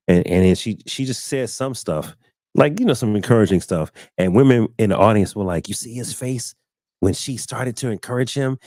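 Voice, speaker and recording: A man with a lowish, dark and mellow voice hosts a casual live-stream talk show. He tells stories by acting out what other people said, often repeating a word or two as he gathers his thoughts. The sound is close and dry. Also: no room sound. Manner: storytelling, acting out quoted people; repeats words while finding his thought.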